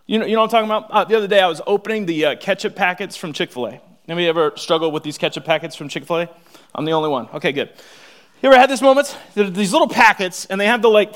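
A young adult man preaching a sermon with humorous stories, swinging from loud exclamations to hushed asides. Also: fairly high pitch. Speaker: pastor.

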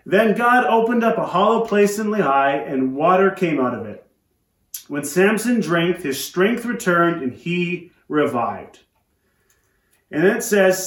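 A male pastor preaching a sermon, retelling a story in an animated way with joking asides. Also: sits high, unhurried, echoey room. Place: church.

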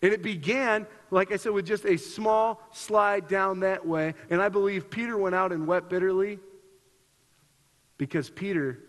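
Guy preaching in a church hall, kinda high voice, lots of reverb, earnest and repeats himself. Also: steady tone, normal speed. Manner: earnest, repeats himself, rises in pitch for emphasis. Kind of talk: sermon.

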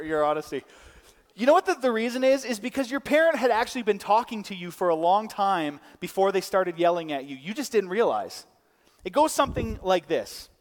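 A man's voice: high voice, long reverb tail. A man in his thirties preaching a sermon, telling stories and acting out voices. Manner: lively storytelling, acting out voices. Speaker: pastor.

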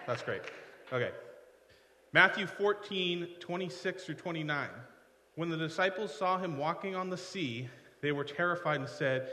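A male pastor with a fairly high, bright, forceful voice, preaching in a loose, chatty way full of asides. His words echo around a large hall with long reverb. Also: normal speed. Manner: conversational, digressive, self-deprecating asides. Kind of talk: sermon.

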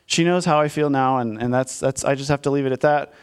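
A man's voice: medium pitch, fast talker, clear, resonant tone. A man in his thirties, a pastor telling a personal story in a candid, self-deprecating conversational sermon to his congregation.

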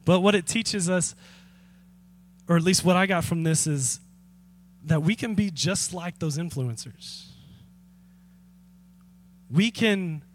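High bright-voiced male pastor preaching. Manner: animated storytelling with chuckles and asides to the congregation. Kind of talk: sermon.

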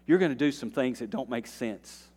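A man's voice: mid-range voice, lively intonation, moderate pace, a little mellow, breathy edge. Preacher man in a reverberant hall. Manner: preaching with rising bursts of intensity and folksy asides. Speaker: pastor. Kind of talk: sermon. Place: church sanctuary. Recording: long reverb of a church hall.

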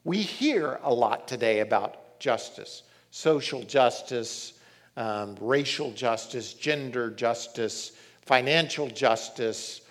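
A middle-aged man preaching a sermon as pastor, reading scripture and telling stories in an animated way. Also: mid-range voice, slow. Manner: animated storytelling, reads scripture aloud.

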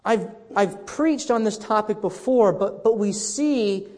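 A man's voice: high-pitched, takes it slowly, darkish tone, in a large hall. A man pastor preaching a sermon in a conversational storytelling way, often restarting his sentences.

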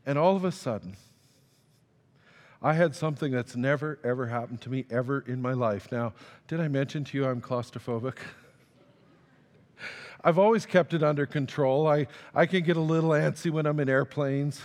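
A male pastor tells a story from the pulpit in an easy, self-deprecating manner. His voice sits at an average pitch. The sound rings with the long reverb of a large church hall. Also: normal speed, pauses often, a little mellow. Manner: conversational, self-deprecating, acts out quoted dialogue. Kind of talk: storytelling sermon. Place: church sanctuary.

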